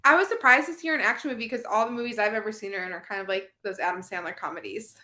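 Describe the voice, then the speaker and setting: A woman's voice: medium pitch, very fast, bright, forceful tone. A woman in her late thirties co-hosting a casual film chat, giggly and rambling. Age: late 30s. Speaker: co-host. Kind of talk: casual chat about films.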